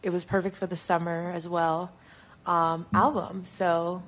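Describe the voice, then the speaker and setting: A woman co-hosting a podcast, chatting casually in a relaxed, joking way. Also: lowish voice, unhurried. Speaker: podcast co-host. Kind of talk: casual chat.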